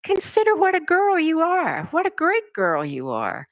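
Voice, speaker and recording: A dithering old queen with a high, fluttering voice, put on by a woman reading aloud. Her pitch climbs well above the reader's own and swings freely, rising into shrill, wailing cries. The recording is close and dry. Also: huge pitch swings, normal speed, dry recording, muffled recording, heavily acted. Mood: pleading.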